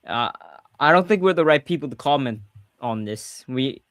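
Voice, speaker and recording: A man's voice: mid-range voice, expressive, moderate pace, fairly bright tone, no echo. Swedish guy hosting a stream, rambly, fixes his words as he goes, super dry mic. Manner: chatty, often corrects himself mid-sentence. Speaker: podcast host. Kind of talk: casual livestream chat.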